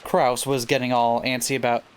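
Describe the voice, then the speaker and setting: A man with a medium-pitched, flat voice co-hosts a let's play of a visual novel at a moderate pace, reading the game's text aloud, chatting casually and sometimes stumbling over words. There's a little hiss or hum.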